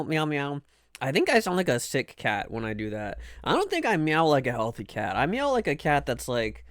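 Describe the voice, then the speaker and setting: A man's voice: mid-range voice, no echo, clean studio sound. A man chatting casually on a live stream, rambling and playful, often stammering and restarting his sentences.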